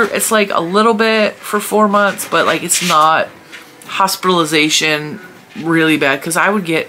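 Low-pitched and creaky with a sharp edge, a woman vlogs casually at her desk for her crochet channel. She's chatty, rambling and quick to laugh, her nose stuffed up from allergies, and there's a little hiss or hum in the audio.

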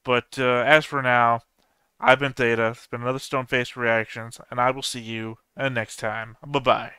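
Male reaction host, clear smooth voice, casual musing delivery. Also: medium pitch, little pitch movement, normal speed, sharp tone, dry recording. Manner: thinking aloud, puzzling over theories. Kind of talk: casual solo reaction commentary.

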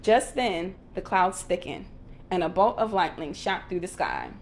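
A woman narrating a children's storybook aloud in an expressive, storytelling way. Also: lowish voice, measured pace, a little hiss or hum.

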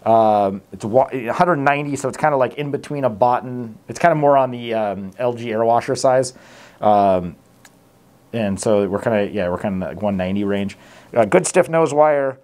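A man talks through his test results in an easygoing, unscripted way. His pitch sits in an ordinary middle range. He often stops to correct himself and reads out numbers plainly. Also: moderate pace, a little mellow. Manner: rambling, self-correcting, many fillers. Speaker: mask tester reviewing products. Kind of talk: casual product review to camera.

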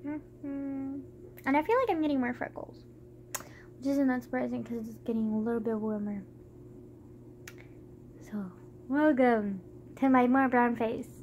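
A woman's voice: on the high side, a little slow, long pauses, muffled recording, slight background noise. A young woman chatting casually to camera in a rambling, giggly way, with lots of fillers. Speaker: vlogger.

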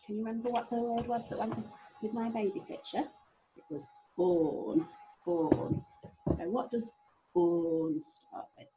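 A middle-aged woman teaching a phonics lesson to young children, sounding out letters slowly with a sing-song, encouraging manner. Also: on the high side, warm tone, slight background noise, low-quality recording. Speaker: primary school teacher.

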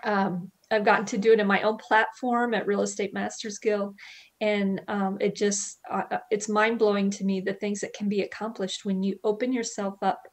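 A woman guest speaking earnestly and heartfelt about her faith, with soft laughs between thoughts, over a video call. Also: medium pitch, flat delivery, moderate pace. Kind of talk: personal faith testimony.

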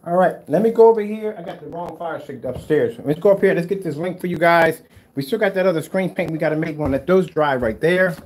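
During a casual livestream, a DIY projector screen paint video host fires back at viewer comments, brash and teasing, trash-talking his viewers and then mock soothing them. His pitch is fairly high, his pace quick, his tone darkish.

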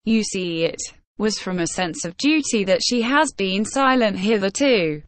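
A woman voicing an earnest, eager young male miner in an audiobook, pleading in a slow, measured way. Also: mid-range voice, expressive, no echo, close to an everyday voice.

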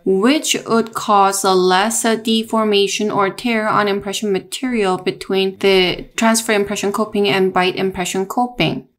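A woman narrating a technical dental lesson in a measured, explanatory way, with small restarts. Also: medium pitch, fairly even intonation. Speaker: dental lecturer.

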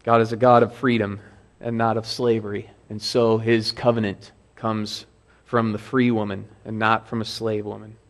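A man's voice: on the low side, little pitch movement, normal speed. Male pastor, casual teaching sermon, reads scripture with emphasis. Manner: conversational explaining, reads scripture aloud with emphasis. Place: church.

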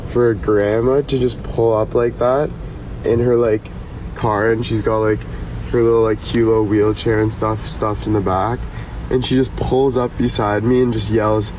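A young Canadian man rambles through a casual live stream, joking and packing his talk with fillers. His voice sits a little low. Street traffic and town noise are clearly heard behind him. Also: level tone, moderate pace, a little mellow, poor audio.

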